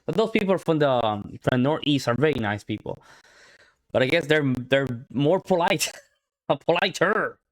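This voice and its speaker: A man's voice: fairly high pitch, animated, moderate pace. A man from the United States hosting a reaction video, talking in a laid-back, slangy way and calling his listeners man and bro. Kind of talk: casual reaction commentary.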